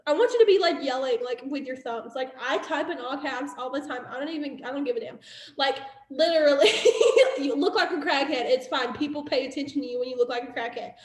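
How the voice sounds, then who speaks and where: A bright, high-voiced woman leads her team's video call with excited, laughing energy. She talks fast and loose, urging everyone to be loud. Her voice bounces around an echoey room. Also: slight background noise. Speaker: team leader hosting a call. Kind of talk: casual team video call.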